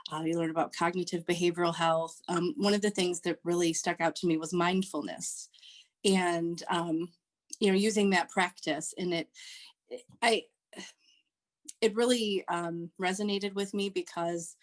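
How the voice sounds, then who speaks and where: A woman, a social worker and Reiki practitioner, explaining her work as a podcast guest in a halting way with many fillers. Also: lowish voice. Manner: hesitant, many ums and restarts. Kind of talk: podcast interview.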